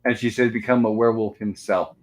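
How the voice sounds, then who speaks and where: A man's voice: lowish voice, steady tone, brisk, a little mellow, low-quality recording. Guy hosting a movie review stream, chatty, narrates every scene and reads the lines out. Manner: narrates scenes step by step, reading out dialogue. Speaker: host of a movie review livestream. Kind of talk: casual movie recap.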